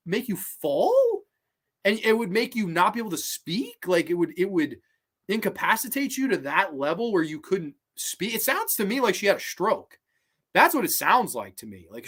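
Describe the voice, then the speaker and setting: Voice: medium pitch, fairly bright tone. A podcast host giving a casual, rambling review. The host swears freely, thinks aloud with many fillers and sounds baffled and questioning.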